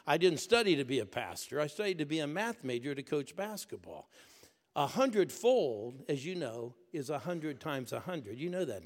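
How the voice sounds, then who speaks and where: An older man preaching to his congregation, spinning a story that climbs to excited shouting. His voice sits a little high with a gravelly edge. The sound rings out with the long reverb of a church sanctuary. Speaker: pastor. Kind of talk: storytelling sermon. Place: church auditorium. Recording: echoey church hall.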